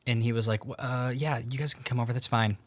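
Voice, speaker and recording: A young man hosting a podcast, retelling a story in a relaxed, casual way with lots of fillers and quoted dialogue. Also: medium pitch, fast talker, no room sound. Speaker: podcast host. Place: home in Tucson.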